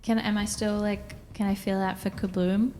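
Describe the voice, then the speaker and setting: A woman's voice: medium pitch, little pitch movement, normal speed, warm tone, slight background noise. A woman playing a tabletop game, playful and often laughing. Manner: giggly, playful. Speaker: player. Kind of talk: casual tabletop play.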